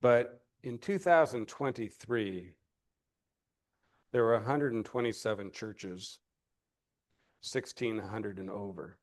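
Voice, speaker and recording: Pastor, man, lower voice, earnest informal talk to his congregation. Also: takes it slowly, pauses often. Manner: earnest and conversational, with asides and fillers. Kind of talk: informal address to a church class.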